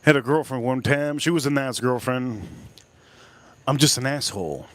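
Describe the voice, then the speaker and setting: A man's voice: medium pitch, normal speed, fairly bright tone, no room sound. A man hosting a casual livestream, telling a crude story with lots of repetition. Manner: crude, rambling, repeats himself for effect. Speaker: livestream host.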